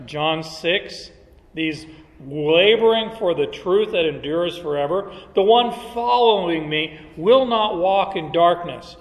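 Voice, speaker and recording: A man preaching a verse-by-verse sermon at a deliberate, unhurried pace, his voice sitting a little higher than most men's. He leans hard on key words to drive each point home, and his voice trails off into a long reverb, as in a church hall. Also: a bit bright. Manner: slow, emphatic, teaching tone with verse references. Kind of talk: expository sermon.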